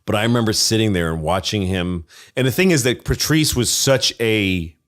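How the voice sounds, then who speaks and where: Low-voiced man telling comedy stories. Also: animated, normal speed, fairly bright tone. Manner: storytelling, profane, acts out quoted voices. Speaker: comedian guest. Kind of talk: casual chat.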